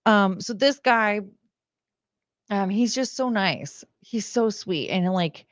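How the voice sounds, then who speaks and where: A woman streams from home into a desk mic, chatting casually in a slow, mid-range voice. She rambles, filling her talk with lots of "like" and "um," and there's no room sound.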